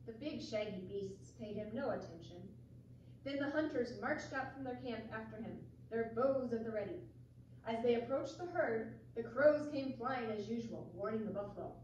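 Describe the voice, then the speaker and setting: A woman in her forties reading a story aloud and teaching young children in a gentle, slow way. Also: a little high, slight background noise. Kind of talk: storybook reading and kids' lesson. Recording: echoey room from far off.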